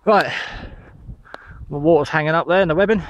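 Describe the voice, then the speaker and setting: A man's voice: a little high, a little fast, dry recording, highs cut off. A man from the United Kingdom vlogging outdoors in a field, slightly out of breath, talking in a rambling way with many ums. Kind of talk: casual outdoor vlog.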